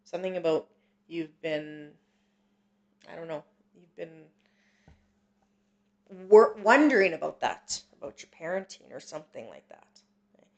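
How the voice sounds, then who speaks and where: A woman hosting a psychic reading stream, gentle and reassuring, with many pauses and fillers. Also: low voice, animated. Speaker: psychic medium host. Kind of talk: live-stream reading, casual chat.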